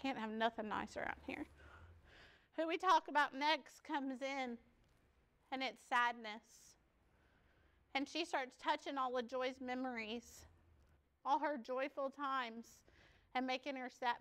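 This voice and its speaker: Woman, high voice, chatty, jokey, conference workshop, laughs a lot. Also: unhurried, pauses often, sharp tone. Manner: chatty, joking, laughs often. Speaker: peer support trainer. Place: conference session room.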